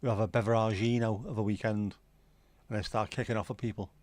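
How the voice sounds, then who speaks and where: A man's voice: medium pitch, fairly even intonation, brisk, dry recording. Sweary Scouse man rambling on stream. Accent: Scouse, South Liverpool. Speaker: livestream host. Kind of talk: casual livestream chat.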